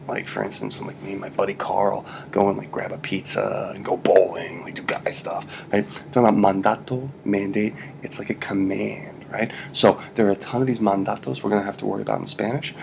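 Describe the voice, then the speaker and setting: A man with a lowish, gravelly voice teaches a relaxed Spanish lesson to camera. He is playful and jokey, tossing in asides and constant "right?" check-ins. A faint hum of noise sits under the voice. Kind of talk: casual video lesson.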